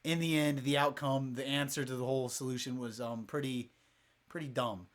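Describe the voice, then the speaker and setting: A man's voice: mid-range voice, steady tone, fairly quick. A young man in casual chat with friends, rambling and swearing as he recaps movies. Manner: rambling, profane, laughs often. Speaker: podcast co-host.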